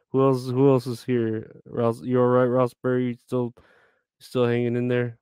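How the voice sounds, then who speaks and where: A man's voice: medium pitch, monotone, normal speed, dark tone, clean tone, no echo. A man chatting casually with viewers on a live stream, rambling, grumbling and swearing a lot.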